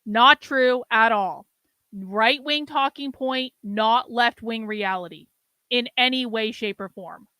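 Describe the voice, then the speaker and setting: A woman's voice: fairly high pitch, slow pace, bright, forceful tone, dry recording. A woman hosting a livestream, commenting bluntly on a clip and lecturing her chat, with frequent swearing. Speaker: host reacting to a stream.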